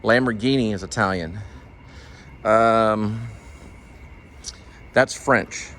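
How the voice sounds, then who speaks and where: A man's voice: fairly low pitch, slow pace, fairly bright tone, a little hiss or hum. A man hosting a vlog, chatting casually and musing aloud from a car, often trailing off mid-thought. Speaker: vlog host. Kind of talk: casual chat.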